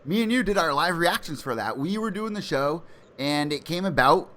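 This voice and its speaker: Excitable American male host, casual sports chat, slightly high voice. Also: normal speed. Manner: eager, excitable. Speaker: podcast host.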